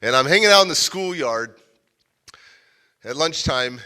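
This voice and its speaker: A man's voice: a little high, a little slow, smooth. A man giving a live motivational speech, telling a story and acting out the voices of the people in it. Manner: animated, acts out quoted voices. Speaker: motivational speaker. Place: civic center stage.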